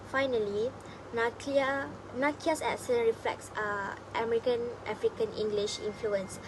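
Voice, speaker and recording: Young female student, slightly high voice, reading a prepared phonetics talk, noise in the background. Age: young adult. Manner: reads a prepared script with small restarts. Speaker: student presenter. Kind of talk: class presentation on phonetics.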